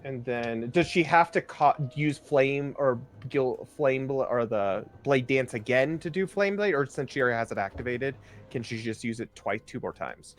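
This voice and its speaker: A man's voice: medium pitch, normal speed, hardly any pauses. A man playing a tabletop game, thinking aloud about rules and rolls in hesitant casual chat.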